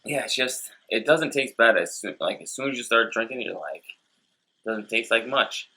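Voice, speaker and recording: A man's voice: medium pitch, lively intonation, moderate pace, sharp tone, husky. A man co-hosting a comedic beer tasting show, telling rambling stories in casual chat and acting out what people said. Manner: rambling storyteller, acts out quotes. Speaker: co-host of a beer tasting web series.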